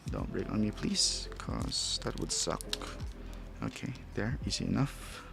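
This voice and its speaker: A man's voice: lowish voice, lively intonation, a little slow, vocal fry. A man who is not a native English speaker, casually rambling and thinking aloud as he reviews a toy, chuckling at himself. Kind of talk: casual unboxing commentary.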